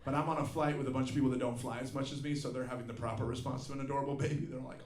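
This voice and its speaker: Rapid-fire with hardly any pauses, a middle-aged man tears through a profane, ranting comedy set, acting out what others say. His mid-range voice keeps a steady tone. It was recorded live in a roomy venue where the crowd laughs along.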